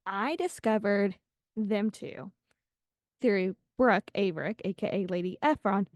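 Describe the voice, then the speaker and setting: A woman's voice: medium pitch, measured pace, no echo. Young girl rambling on her podcast, super dry close sound, keeps restarting sentences. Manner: rambling, gushing, self-interrupting. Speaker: podcast host. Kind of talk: casual solo podcast chat.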